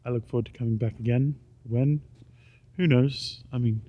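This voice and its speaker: Tired aussie guy rambling on a night walk vlog, husky voice, muffled lo-fi sound. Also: steady tone, moderate pace. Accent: Australian. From Australia. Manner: rambling, quiet and low-key. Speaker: vlogger. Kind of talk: casual walking vlog, rambling monologue. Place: outdoors on a small-town main street at night. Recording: dull lo-fi recording.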